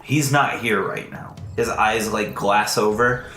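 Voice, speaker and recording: A man's voice: on the low side, steady tone, pushed and bright. A man narrating as game master in an easy, rambling way, full of fillers. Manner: slow, loose, full of fillers. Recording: roomy echo, faint music.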